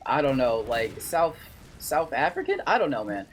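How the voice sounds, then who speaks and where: A man's voice: mid-range voice, wildly swooping pitch, normal speed, a little hiss or hum. A man co-casting a live esports match in a laid-back, casual way, chuckling often. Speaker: esports caster. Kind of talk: live play-by-play commentary.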